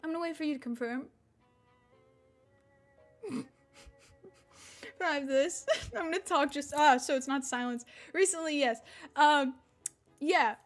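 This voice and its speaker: A woman's voice: high-pitched, unhurried, pauses often, faint music behind. A young woman around twenty from Mississippi, chatting casually on a stream, rambling, swearing and laughing, with an unusual slack-jawed accent. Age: about 20.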